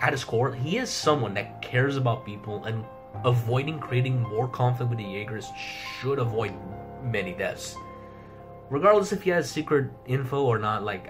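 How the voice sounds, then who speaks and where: Animated young man swearing through a review. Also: medium pitch. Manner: rambling, heavy swearing, laughs often. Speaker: manga reviewer. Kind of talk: casual commentary.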